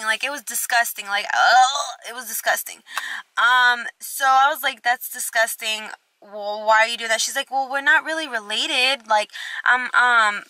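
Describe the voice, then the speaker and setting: In a dry recording, a young female vlogger with a high voice shares a storytime video. She performs both sides of each conversation, swearing a lot and staying highly expressive throughout.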